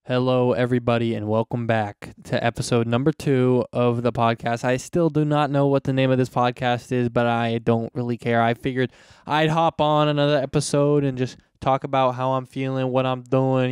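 A teenage guy talks straight into a close podcast mic, rambling through a slangy, mocking rant. His voice is mellow and smooth, recorded dry with no room echo. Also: mid-range voice, flat delivery, moderate pace. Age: teens. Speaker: podcast host. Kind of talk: casual solo podcast rant. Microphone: close podcast microphone.

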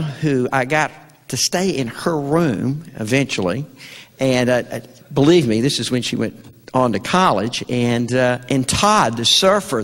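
An older man with a Southern American accent telling a story to an audience, folksy and stammering, a Vietnam veteran speaker. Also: medium pitch. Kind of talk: storytelling speech at an event. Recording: long hall reverb.

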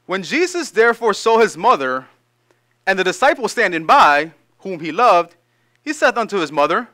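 A male pastor delivering a sermon in a high, bright voice. He reads scripture at a measured pace, then breaks into casual, energetic explanation.

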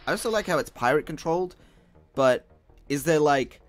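A man's voice: a little high, expressive, moderate pace. A young man giving casual, profane commentary while playing a video game, muttering to himself and yawning now and then. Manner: swears a lot, frustrated outbursts, mutters to himself. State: sleepy, yawning. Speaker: let's play gamer.

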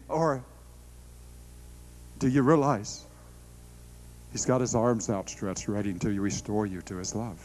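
A middle-aged man preaching a sermon, telling stories with animated delivery, laughing and stammering through restarts. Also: lowish voice, takes it slowly, long pauses, low-quality recording.

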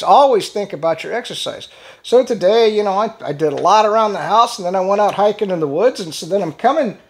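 A middle-aged man hosting his own political commentary channel, speaking in a fairly high voice that rises and falls a lot. He rambles through stories with fillers, repeated words and restarts. His tone is blunt and indignant, with casual swearing.

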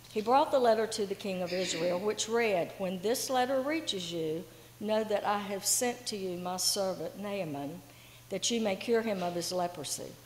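A woman reading a scripture lesson aloud in church, in a measured, formal manner. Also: mid-range voice, darkish tone, slight background noise. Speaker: lay reader. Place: church sanctuary. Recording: echoey church with faint room ambience.

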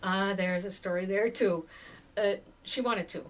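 A woman in her sixties from Tanganyika, giving an oral history interview as an animated storyteller who laughs often while she talks. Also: mid-range voice, a little slow. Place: museum interview room. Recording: distant mic with faint background noise.

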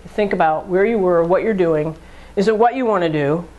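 In a somewhat muffled recording, a woman with a low-leaning, slightly mellow voice speaks at a normal pace. She's an addiction educator giving a conversational class lecture, running through daily-life examples and performing the imagined thoughts behind them.

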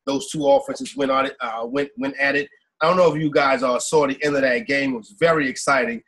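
Husky-voiced man in loose sports chat. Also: mid-range voice, expressive, a little fast, fairly bright tone, low-quality recording. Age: adult with kids. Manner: loose, rambling, says "you know what I'm saying" often. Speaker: podcast co-host. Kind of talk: casual sports betting chat.

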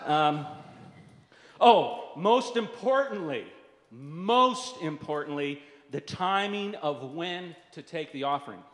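A man performing stand-up comedy, telling a wry story with lots of asides. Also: a little high. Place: live comedy stage. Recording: reverberant hall.

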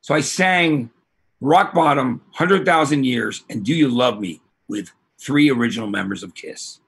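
A male podcast host telling excitable, rambling anecdotes with plenty of swearing. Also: medium pitch, measured pace, creaky, slightly rough. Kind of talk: animated storytelling.

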